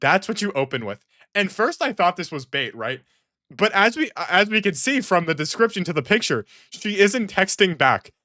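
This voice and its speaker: A man's voice: high-pitched, sing-song, moderate pace, sharp tone, no room sound, studio quality. A man giving comedic reaction commentary in an exasperated, rambling way, often restarting sentences. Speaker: online commentator.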